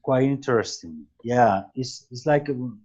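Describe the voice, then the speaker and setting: A man's voice: mid-range voice, expressive, unhurried, background noise. A man whose first language is Spanish, answering casually in a class over a video call. He takes his time and searches for his words. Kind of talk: casual spoken reply in a class. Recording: dull lo-fi video call audio.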